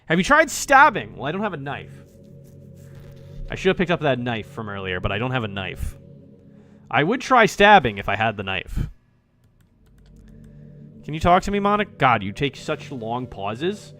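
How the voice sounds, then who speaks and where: A man's voice: mid-range voice, sing-song, moderate pace, long pauses, a bit bright, faint music behind. A man streaming a visual novel, joking and talking to the game character as he plays. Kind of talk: casual gameplay commentary.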